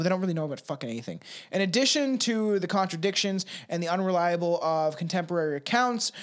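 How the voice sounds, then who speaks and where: A man with a fairly high-pitched voice co-hosts a loose true-crime podcast. He swears freely and rambles, now and then stopping to read a passage out loud before drifting back into chat. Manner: profane, rambling, reads passages aloud. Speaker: podcast co-host.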